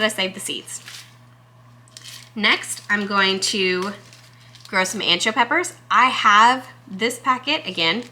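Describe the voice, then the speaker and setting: Bright-voiced chatty woman from Texas. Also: mid-range voice. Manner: chatty, self-deprecating, excitable. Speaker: gardening vlogger. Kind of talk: casual chat to camera.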